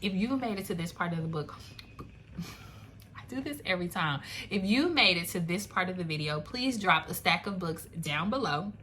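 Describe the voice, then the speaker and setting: A young woman chatting into a phone camera at home, lively and loose, full of "like" and "y'all" asides. Her voice is bright and forward. A faint room hum sits behind her. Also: lowish voice, normal speed. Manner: chatty, animated, laughing asides, lots of "like" and "y'all". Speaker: book reviewer. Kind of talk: casual chat.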